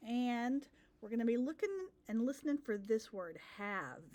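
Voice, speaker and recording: A woman speech teacher reading a picture book aloud to children, slow and deliberate, stressing target sounds. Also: a little high, expressive, darkish tone.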